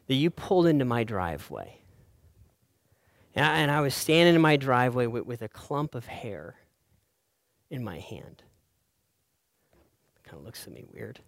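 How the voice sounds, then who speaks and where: A middle-aged male pastor preaching a sermon, telling a story in a voice that swings from soft and hushed to loud and urgent. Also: mid-range voice, sing-song, a little fast, no echo.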